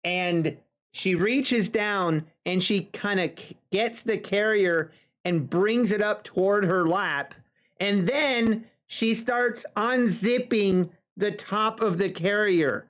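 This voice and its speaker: Slow-talking chatty man. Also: high-pitched, fairly bright tone. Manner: chatty, folksy asides to viewers. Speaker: futures trader streaming live. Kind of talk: casual anecdote on a livestream.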